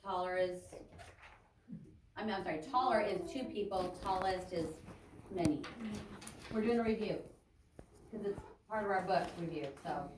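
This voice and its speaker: A woman's voice: lowish voice, moderate pace, pauses often, distant mic, noisy background. A woman teaching an adult English class, chatting loosely and interrupting herself as she explains grammar. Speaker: ESL teacher. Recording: echoey classroom taped from afar.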